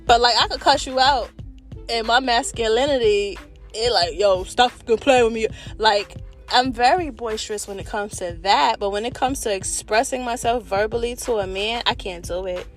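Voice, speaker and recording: An expressive woman talks straight to her viewers in a candid monologue, her voice sitting fairly high. She speaks in an animated, slangy way with the odd curse word. Soft music plays faintly underneath. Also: normal speed. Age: adult with children. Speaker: vlogger.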